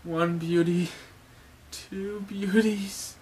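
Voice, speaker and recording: A man voicing a lovestruck young male cook who swoons in high, overwhelmed squeals while retelling a comic. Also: fairly even intonation, extremely slow, a little mellow. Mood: swooning.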